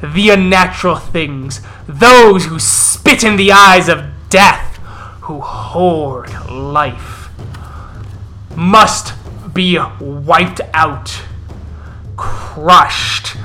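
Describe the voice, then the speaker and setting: A man's voice: on the high side, very slow, sharp tone, soft background music, exaggerated voice. A man voicing a huge, growling wolf elder who roars commands at his pack in a tabletop role-play. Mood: roaring, commanding. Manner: roaring, commanding speech.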